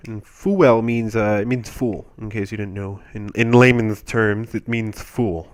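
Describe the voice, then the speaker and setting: A man's voice: on the low side, fairly even intonation, moderate pace, hardly any pauses. A young man commentating over gameplay, telling a rambling, self-mocking comic story with playful exaggeration.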